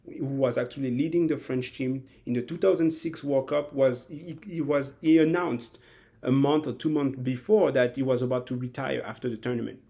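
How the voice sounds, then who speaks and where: A man giving a rambling, animated spoken analysis of a football match, often acting out quotes. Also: mid-range voice, moderate pace, vocal fry. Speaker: football commentator.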